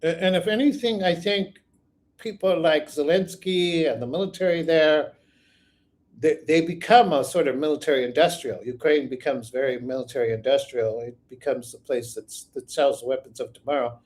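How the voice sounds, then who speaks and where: A man with a fairly high voice hosts a live viewer Q&A on his own channel. He rambles and thinks out loud as he answers, and often circles back on his own sentences. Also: normal speed. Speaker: psychic channel host.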